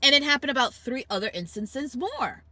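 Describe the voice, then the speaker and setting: Her voice sits high and moves at a moderate pace, captured in a dry recording. She's a New York-accented podcast host from Brooklyn, chatting casually with family in the car on the school commute and telling emphatic, animated stories with acted-out quotes.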